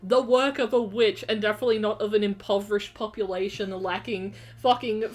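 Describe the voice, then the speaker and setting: A woman's voice: mid-range voice, fairly even intonation, brisk. A woman guest on a game stream, chatting casually with dry sarcasm and frequent swearing. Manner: sarcastic, swearing, laughing often.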